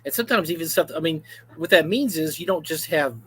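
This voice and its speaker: Co-host, man in his 50s, fairly high voice, animated storyteller, casual stream chat. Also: fast, husky, no echo. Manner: animated storyteller, full of asides. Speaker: livestream co-host.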